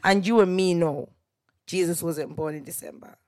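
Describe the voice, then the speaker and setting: Chatty young woman, lowish voice. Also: moderate pace, darkish tone. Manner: chatty, laughing, tag questions like "you get me?". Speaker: podcast host. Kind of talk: casual solo podcast chat. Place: parents' house.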